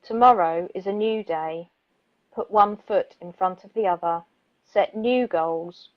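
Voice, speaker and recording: Soft-spoken woman reading poems on radio. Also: mid-range voice, muffled recording. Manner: slow, soothing reading voice, laughs easily in chat. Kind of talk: gentle poetry reading and casual chat.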